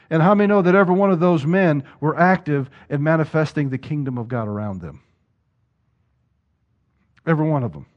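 A man's voice: on the high side, expressive, a little fast, long pauses, lo-fi sound. A male pastor preaching a sermon, putting rhetorical questions to the congregation and repeating words as he drives a point home.

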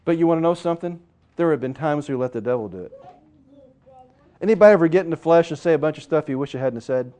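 A male preacher with a noticeably high voice delivers his sermon with fervor. He surges into loud exhortation, then drops to hushed, intimate asides. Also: lively intonation, fast. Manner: impassioned, swinging between loud urging and hushed asides.

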